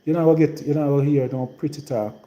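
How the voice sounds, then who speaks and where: Jamaican man, rural Trelawny patois accent, very dark mellow tone, rambling live-stream host. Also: on the high side, steady tone, brisk, reverberant, rough recording. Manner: rambling and repetitive, in heavy patois. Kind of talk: casual live-stream monologue.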